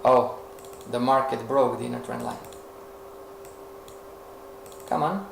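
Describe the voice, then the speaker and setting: A man's voice: mid-range voice, fairly even intonation, moderate pace, vocal fry. A man teaching a live trading webinar, talking the audience through it with rhetorical questions and playing a frustrated beginner. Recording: echoey room with faint noise.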